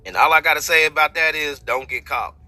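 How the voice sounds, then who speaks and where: A man's voice: on the high side, a little fast, pushed and bright, soft background music. A man venting angrily and cynically, with plenty of swearing. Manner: angry, profane, cynical. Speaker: vlogger. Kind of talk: venting monologue.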